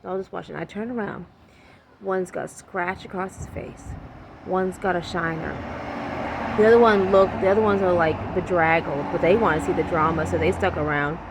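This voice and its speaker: A woman telling a casual anecdote in an animated, blunt way, swearing freely and acting out her own lines. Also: on the low side, normal speed, background noise. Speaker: storyteller.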